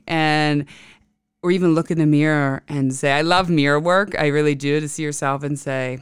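Smooth-voiced woman hosting a chatty podcast. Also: sits low, fairly even intonation, moderate pace, no echo, clean studio sound. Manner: chatty, rambling, laughs often. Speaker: astrology podcast host. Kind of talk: casual solo podcast talk.

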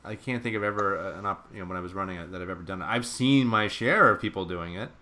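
A man co-hosting a running podcast, telling stories in a chatty way and repeating words when excited. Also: low voice, quick pace. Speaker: podcast co-host. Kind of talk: casual chat.

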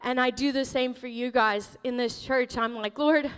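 A woman's voice: fairly high pitch, normal speed, smooth. Lady pastor giving a sermon, emotional and laughy, big echoey church sound. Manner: emotional, laughing often, animated storytelling. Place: church sanctuary.

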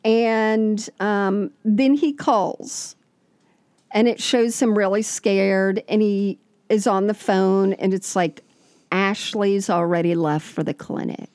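A woman's voice: medium pitch, fairly even intonation, takes it slowly, darkish tone, no room sound. A woman co-hosting a casual chat, retelling a story with amused laughter.

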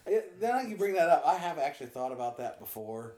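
A man's voice: fairly high pitch, big pitch swings, quick pace, mellow, reverberant. A man co-hosting a casual chat, rambling and doubling back as he tells stories. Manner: rambling, self-interrupting storyteller. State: coughing. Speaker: podcast co-host.

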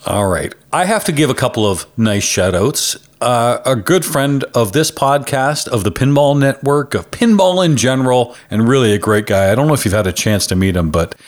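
A man's voice: medium pitch, expressive, moderate pace, hardly any pauses. A man from Canada co-hosting a pinball podcast in casual banter, teasing his co-host and laughing often.

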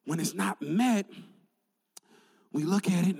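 High-voiced man preaching in a reverberant hall. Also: takes it slowly, gravelly, pauses often, breathy edge. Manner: energetic call-and-response preaching to a congregation. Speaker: pastor. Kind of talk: sermon. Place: large church sanctuary. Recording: long reverb in a large church hall.

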